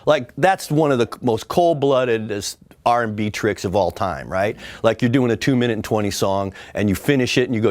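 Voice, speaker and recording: A man, a record producer and guitarist, telling an anecdote in an animated way and mimicking the music with sound effects. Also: mid-range voice, moderate pace, hardly any pauses, no room sound. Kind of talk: storytelling anecdote.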